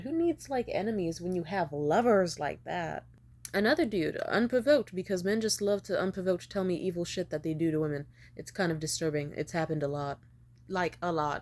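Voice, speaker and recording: A woman's voice: medium pitch, a little mellow. A young woman telling a storytime rant to camera in a casual, profane and sarcastic way. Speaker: vlogger.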